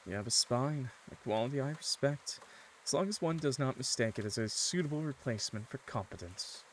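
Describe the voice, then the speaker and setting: A man reading the lines of a poised, mysterious witch woman in a calm, measured way with a weak attempt at a French accent. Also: mid-range voice, a little hiss or hum, lightly acted. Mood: cool, composed.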